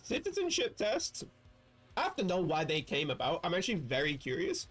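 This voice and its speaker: A man's voice: on the high side, big pitch swings, fast talker, fairly bright tone, soft background music. A man chatting casually while playing a video game on a livestream, rambling and correcting himself with wry asides. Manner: rambling, self-interrupting, wry. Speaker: streamer.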